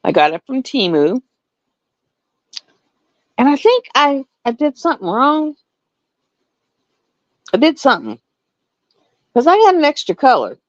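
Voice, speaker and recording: A middle-aged woman chatting casually to viewers, animated and laughing often. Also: sits high, a little slow, long pauses, dry recording, muffled recording. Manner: animated storytelling, laughs often, swings between voices. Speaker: live stream host.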